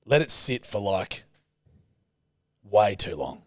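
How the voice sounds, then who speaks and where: A man's voice: lowish voice, big pitch swings, slow, dry recording, clean studio sound. A man co-hosting a podcast, telling a story in a loose, sweary, laughing way. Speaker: podcast co-host. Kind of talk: casual chat and storytelling.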